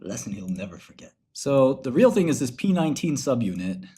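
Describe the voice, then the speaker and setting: A man's voice: mid-range voice, very animated, fairly quick, warm tone. A man hosting a casual livestream, talking loosely and full of slang while he clicks through research. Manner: loose, slangy storytelling, calls listeners bro. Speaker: finance streamer and host.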